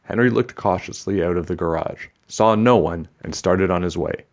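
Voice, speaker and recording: A man reading a children's book aloud with steady, expressive storytelling. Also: deep voice, normal speed, creaky.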